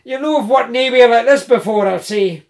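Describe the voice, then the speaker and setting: A man voicing a big, bearded, jovial male tree surgeon with a Scottish accent, loud and teasing. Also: very high voice, moderate pace, pitched above the performer's own voice.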